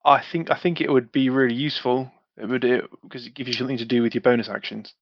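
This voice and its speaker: A man's voice: mid-range voice, fairly even intonation, fast, no room sound, highs cut off. A man, playing a tabletop game in a hesitant way and stumbling over his words. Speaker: player. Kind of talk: casual tabletop game chat.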